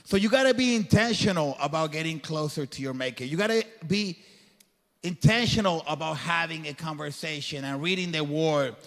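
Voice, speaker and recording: Here a man with a slightly high voice talks at a moderate pace to a live audience as a guest speaker. His motivational faith talk is earnest and preacher-like, phrased colloquially, and the event hall adds long reverb.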